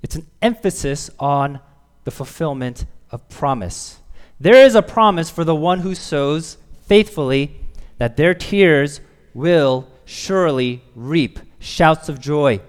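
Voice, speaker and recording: A pastor preaching a sermon earnestly, rising to emphatic swells and dropping to quiet, soft lines. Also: male voice, on the high side, lively intonation, slow, smooth. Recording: long hall reverb.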